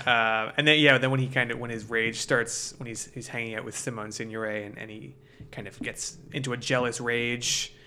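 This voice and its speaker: A man's voice: medium pitch, fairly even intonation, brisk, pushed and bright, slight background noise. A man co-hosting a film podcast, talking in long rambling stretches with many fillers. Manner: rambling, lots of fillers and restarts. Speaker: podcast co-host. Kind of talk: casual film chat.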